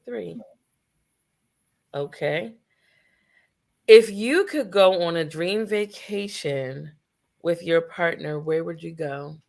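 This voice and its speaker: A woman's voice: on the low side, animated, slow pace, creaky, long pauses, a little mellow. A woman co-hosting a casual podcast chat, playful and teasing as she puts questions to her co-hosts. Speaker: podcast co-host.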